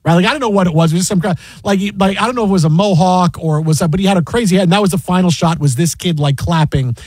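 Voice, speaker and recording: A man hosting a sports radio show from a studio, telling a story in an animated way, acting out quotes and laughing often. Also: high-pitched, rapid-fire, breathy edge, no room sound. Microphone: studio microphone.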